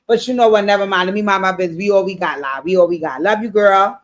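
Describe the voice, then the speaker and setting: A woman hosting a show recap, talking casually and swearing freely. She tells the plot in an animated way and slips into the characters' voices when she quotes them. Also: medium pitch, fast talker.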